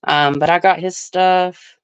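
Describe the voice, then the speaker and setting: A woman's voice: on the low side, steady tone, a little slow, smooth, no echo. A woman hosting an astrology livestream, chatting casually and thinking aloud while she answers viewer comments.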